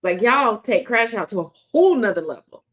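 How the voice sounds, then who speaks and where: Woman ranting thru the news, sarcastic and cussing, kinda high voice. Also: expressive, a little fast, a bit bright. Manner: blunt, profane, sarcastic; taunting, confrontational. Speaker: host. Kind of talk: news commentary.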